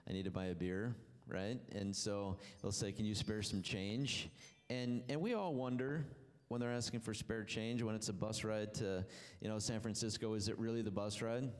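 A pastor delivers a conversational sermon. He often repeats words as he starts a sentence. His mid-pitched man's voice echoes with a long tail through a large church hall. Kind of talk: sermon with scripture reading. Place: church sanctuary.

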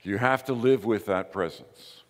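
A man preaching a sermon as pastor, slow and emphatic, with repeated short phrases. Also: on the low side, big-room sound. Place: church.

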